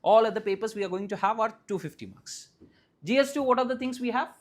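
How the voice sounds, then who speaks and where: A teacher speaking Indian-accented English lectures live to students in the room, frequently asking questions to check understanding. His mid-range voice slows down to restate important points firmly.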